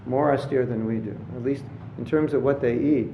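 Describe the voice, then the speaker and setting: A man's voice: mid-range voice, steady tone, moderate pace, creaky, noisy background. A man giving a casual spiritual talk to an audience, telling jokes and stories and briefly acting out voices in them. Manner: storytelling, acts out voices in his anecdotes. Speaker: spiritual teacher. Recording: roomy, slightly dull lecture recording.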